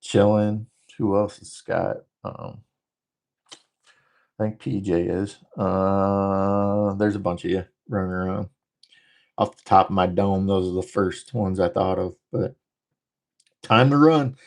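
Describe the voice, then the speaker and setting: A man from the northern United States hosting a casual livestream, talking fast and rambling through jokes while he reads out viewer comments. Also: deep voice, fairly even intonation, vocal fry. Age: adult, former military. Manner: rambling, joking, talks fast. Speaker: livestream host.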